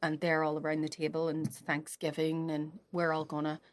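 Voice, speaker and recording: A woman's voice: deep voice, completely flat delivery, a little fast. A woman co-hosting a comedy podcast, telling stories in casual chat, laughing often and swearing freely. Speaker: podcast co-host.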